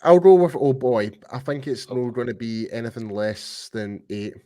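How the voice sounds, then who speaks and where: A man's voice: medium pitch, normal speed, warm tone. A man on a fan panel, giving strong opinions with frequent restarts and stammers. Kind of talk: casual panel chat.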